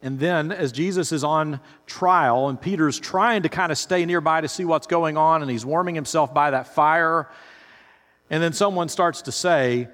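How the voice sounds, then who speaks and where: A man's voice: fairly high pitch, normal speed, a bit bright. A male pastor preaching a sermon in a conversational, storytelling way, speaking straight to his listeners. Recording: reverberant hall.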